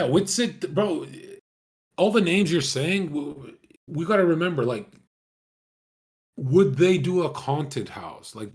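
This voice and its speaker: A young man talking casually to his viewers, rambling in slang, swearing often and calling everyone bro. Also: fairly high pitch. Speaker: streamer talking to chat.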